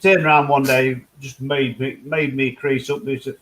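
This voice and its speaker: A man's voice: medium pitch, level tone, normal speed, fairly bright tone, a little hiss or hum, poor audio. A man from the UK chatting casually with friends, rambling through stories, swearing freely and laughing at himself. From United Kingdom. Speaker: hangout host. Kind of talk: casual chat among friends.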